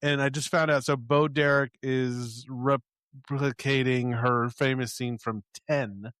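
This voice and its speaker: A man co-hosting a casual podcast, relaxed and laughing as he walks through scenes. His voice is mid-pitched and plain. The recording is dry and close. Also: measured pace, clean tone, no echo. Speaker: podcast co-host. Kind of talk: casual chat.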